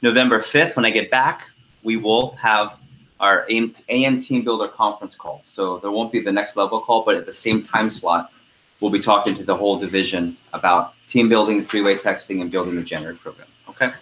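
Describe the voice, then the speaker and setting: Bright-voiced man telling a story on a call. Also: fairly low pitch, brisk. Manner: animated, laughing storyteller. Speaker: team leader on a conference call. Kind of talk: casual storytelling then call agenda.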